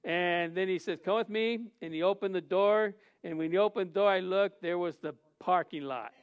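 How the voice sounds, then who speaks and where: A man's voice: high voice, normal speed, smooth, phone-quality sound. A man who is a pastor, preaching a sermon and telling a funny personal story, acting out the dialogue and laughing often.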